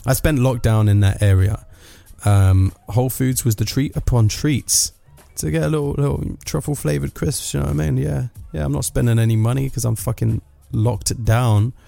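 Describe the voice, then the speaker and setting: A man's voice: medium pitch, steady tone, normal speed, vocal fry, hardly any pauses, warm tone, no room sound, soft background music. A man, delivering a sardonic, rambling comic monologue full of asides.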